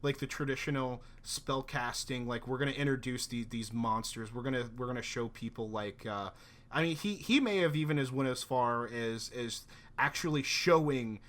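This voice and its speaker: A man co-hosting a casual film discussion, talking excitedly with many restarts and false starts. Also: mid-range voice, normal speed. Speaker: podcast co-host.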